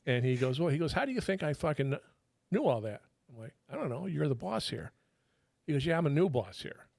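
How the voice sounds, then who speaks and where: Here a middle-aged former federal agent shares casual anecdotes with lots of energy, speaking fairly quickly in a slightly high voice with vocal fry. He swears a lot and performs other people's lines in their voices, and the studio recording is dry and clean.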